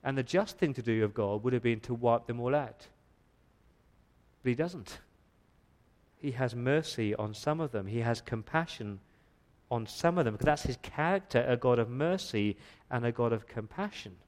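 A man preaching a sermon in church with emphatic, pressing delivery. He asks rhetorical questions and often trips over and repeats his words. His voice sits at an ordinary male pitch. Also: animated, moderate pace, darkish tone. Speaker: pastor.

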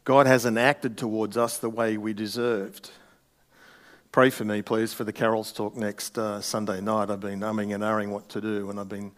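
A man's voice: lowish voice, little pitch movement, moderate pace, fairly bright tone. A middle-aged male pastor preaching a sermon in a conversational way, with wry asides.

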